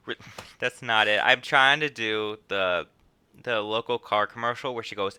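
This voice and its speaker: A young man chatting casually while streaming a game and laughing at himself between readings. His voice is very bright with lively pitch. The sound is close and dry. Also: unhurried, clear, resonant tone, dry recording. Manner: laughing, self-mocking asides. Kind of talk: casual gameplay commentary.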